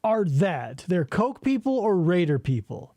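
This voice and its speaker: A high-voiced man with a bouncing, lively pitch, talking in a loose, crude, joking way as he riffs on old ads. His voice sounds close and dry, with no room around it. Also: unhurried, no echo. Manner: crude, joking, animated storytelling. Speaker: podcast host. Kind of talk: casual chat, riffing on old commercials.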